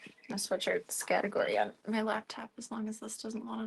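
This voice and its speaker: A woman's voice: a little high, flat delivery, fairly quick, vocal fry, slightly rough. A young woman streamer chatting casually at home, rambling and cooing baby talk at her cats. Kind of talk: casual chat while streaming.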